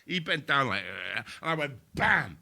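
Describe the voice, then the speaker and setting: A man's voice: on the high side, sing-song, moderate pace, pushed and bright. An older male comedian telling sweary anecdotes on a live podcast, laughing as he goes. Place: live venue with audience.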